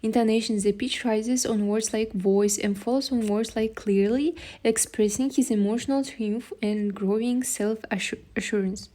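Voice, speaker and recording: A woman reading a class presentation from her notes, slow and careful, with occasional restarts. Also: on the high side, fairly even intonation, warm tone. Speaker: student presenter.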